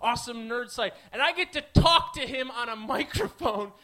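His voice extremely high, bright and forceful, this twenty-something podcast host from the American Midwest rambles through a profane, self-deprecating comic bit. He speaks animatedly at an ordinary pace.

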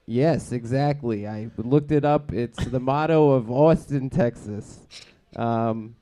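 A man's voice: mid-range voice, slow, mellow, close to an everyday voice. A man in improv comedy playing a brash, crude working-class guy who rambles and swears. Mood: ranting.

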